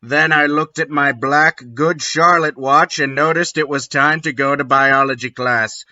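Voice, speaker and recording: A man reading aloud as a melodramatic goth teenage girl, slow and mock-dramatic. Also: on the high side, fairly even intonation, bright, forceful tone, lo-fi sound. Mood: mock-tragic.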